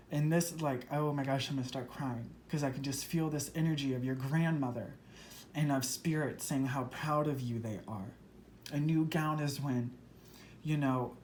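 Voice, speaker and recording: This is a tarot reader and medium talking straight to viewers, earnest and emotional, gushing over every card. The pitch sits in the middle range, and the delivery races forward in excited bursts. A faint background hum is present throughout. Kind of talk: spoken tarot reading to viewers.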